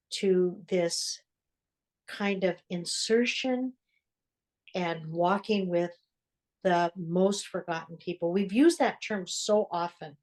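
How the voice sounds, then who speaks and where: An older woman with a fairly low voice speaks with earnest conviction and lingers in reflective pauses. She is a religious sister telling her story to an interviewer. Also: darkish tone. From United States.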